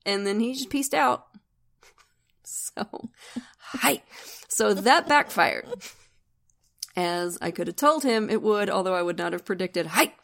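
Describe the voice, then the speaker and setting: Casting: woman podcast host, wry and chatty storyteller, middle pitch. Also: expressive, slow, vocal fry, pauses often, a bit bright. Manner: chatty, wry, laughs often. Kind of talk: casual true crime storytelling.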